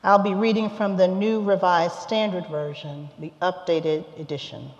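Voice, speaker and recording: A lay preacher reading scripture and giving a sermon in a church sanctuary, with a measured, deliberate delivery. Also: medium pitch, steady tone. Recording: echoey hall, dull sound.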